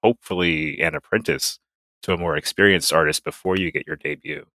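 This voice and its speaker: Deep-voiced man hosting a podcast. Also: a little fast, dry recording. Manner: relaxed, filler-heavy. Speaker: podcast host. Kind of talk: casual chat.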